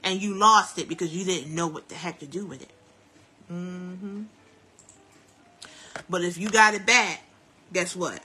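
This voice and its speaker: A woman hosting a live stream from home while doing hair, giving chatty, preachy life advice in a lively, down-to-earth way. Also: on the low side, unhurried, long pauses, breathy edge. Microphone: phone live stream.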